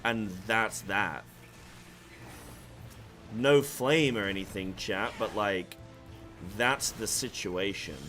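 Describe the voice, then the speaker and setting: Speaking slowly with long pauses, this gamer has a lowish voice that sounds pushed and bright, while faint music plays in the background. Half English, half American, his accent drifts between the two as he rambles to his viewers, frequently starting over.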